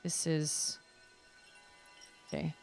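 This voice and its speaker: A young woman streaming a video game, chatting casually and thinking out loud as she plays. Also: drawn-out words, soft background music. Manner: chatty, musing aloud, reading chat. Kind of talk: casual gameplay commentary.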